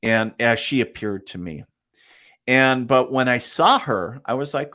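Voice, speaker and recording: A man's voice: medium pitch, a little slow. A man being interviewed as a psychic medium, telling stories casually and acting out what people said. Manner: animated storyteller, acts out quotes, laughs often.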